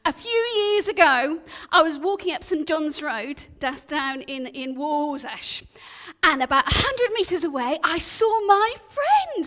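In a church hall, an animated, high-voiced woman preacher leads an all-age talk, delivering a storytelling sermon in a chatty way and asking the audience questions. The recording carries the long reverb of a church.

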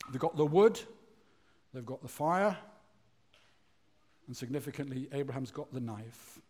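Male preacher, animated delivery, slightly high, drops to a hush at key words. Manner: lively, falls low and quiet at phrase ends; tells a joke story acting out voices. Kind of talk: sermon.

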